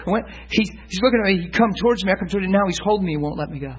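A man preaching, telling a testimony story in an animated way, acting out the people he quotes and swinging from loud to hushed. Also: high voice, very fast, few pauses, breathy edge, low-quality recording. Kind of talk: sermon testimony.

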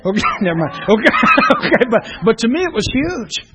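A middle-aged man, a pastor teaching a class in a church room, telling stories in an animated way and often laughing. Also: very high-pitched, a little fast, a crowd in the background. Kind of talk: preaching to a class. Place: church classroom, streamed online.

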